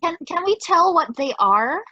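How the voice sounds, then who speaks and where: A woman at a tabletop game with a high, bright, lively voice. She pleads anxiously to talk instead of fight. The sound is dry and a little muffled. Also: moderate pace, no room sound. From Jamaica. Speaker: player. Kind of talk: casual tabletop play.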